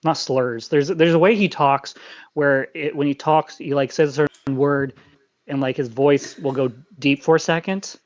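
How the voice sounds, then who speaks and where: Guarded American caller on a dull line. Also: male voice, a little high, steady tone, normal speed, no room sound. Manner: guarded, dismissive, matter-of-fact. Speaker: guest caller. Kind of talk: casual call-in chat.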